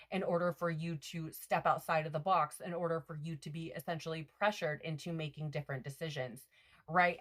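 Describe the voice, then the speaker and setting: A woman's voice: deep voice, a bit bright. A woman giving a casual spiritual card reading, rambling with lots of fillers and self-corrections. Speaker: tarot reader.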